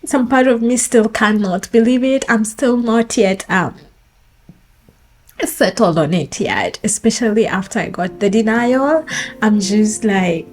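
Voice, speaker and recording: A young woman vlogger crying and laughing through tears as she speaks to her viewers, halting and broken up. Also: fairly high pitch, a little mellow, faint music behind. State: tearful, crying through words. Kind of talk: emotional vlog monologue to viewers.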